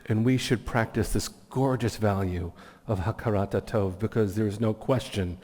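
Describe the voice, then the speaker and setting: Man giving a heartfelt speech at some community event, lowish voice, big roomy hall sound. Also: moderate pace, darkish tone. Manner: heartfelt, earnest storytelling. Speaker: guest speaker at a community meeting. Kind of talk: inspirational speech with personal stories.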